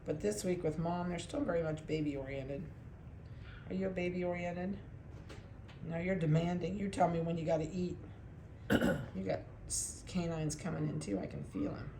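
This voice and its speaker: A woman's voice: low voice, normal speed, vocal fry, warm tone, roomy sound, slight background noise. A woman dog breeder talking casually through a video update, chatty and cooing to the puppies.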